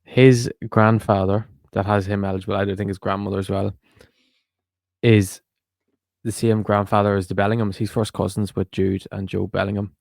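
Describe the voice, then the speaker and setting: Flat, gravelly man. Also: lowish voice, moderate pace, no echo, clean studio sound. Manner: teasing, matter-of-fact. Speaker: podcast co-host. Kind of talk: casual football podcast chat.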